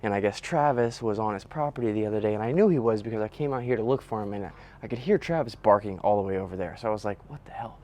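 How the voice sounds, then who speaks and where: Quick and nearly pause-free, a young man's fairly low, dark voice narrates his relaxed, slangy vlog while building outdoors on rural property. The audio comes from a handheld camera mic.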